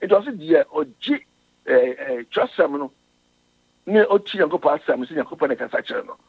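A man's voice: fairly high pitch, big pitch swings, creaky, breathy edge, no room sound. A man preaching a sermon. He reads scripture in English, explains it in Twi, and restarts often. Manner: halting, with frequent restarts. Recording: tinny radio broadcast.

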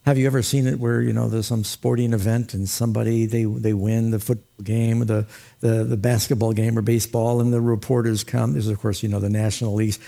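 A man's voice: on the low side, little pitch movement, fast talker, vocal fry, dark tone. A man preaching a sermon as pastor, folksy and humorous, with light laughs and quoted asides.

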